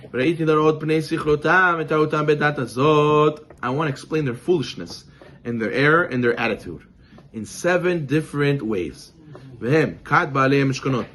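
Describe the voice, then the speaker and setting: A man who is a rabbi giving a sermon, reading Hebrew text and explaining it in English, acting out imagined dialogues with lively swings of voice. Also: rough recording. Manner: acts out imagined dialogues with God and merchants; animated, lively pitch swings.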